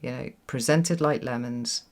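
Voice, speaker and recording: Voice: medium pitch, unhurried, a little mellow. A tarot reader giving a solo reading to camera in a reflective way, often repeating words for emphasis and checking in with "right?". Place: home with children nearby.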